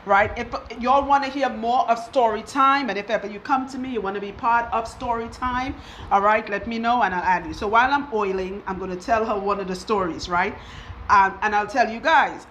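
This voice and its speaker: A loctician hosts a casual story time show, chatting and laughing often as she tells stories while oiling a client's hair. Her voice is a little high, a little fast and fairly bright, on a rough recording with some hiss or hum.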